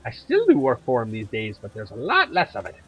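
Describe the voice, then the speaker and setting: A man voicing a tough middle-aged Irish woman who hunts monsters, with a put-on Irish accent that drifts toward Scottish and a blunt, gruff, chatty way of talking. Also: mid-range voice, wildly swooping pitch, a little fast, fairly bright tone, full character voice, low-quality recording.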